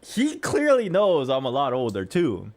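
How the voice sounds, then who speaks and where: Animated chatty man in his thirties. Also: medium pitch, unhurried. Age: 30s. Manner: animated, chatty, laughs between lines. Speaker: streamer. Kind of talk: casual storytelling.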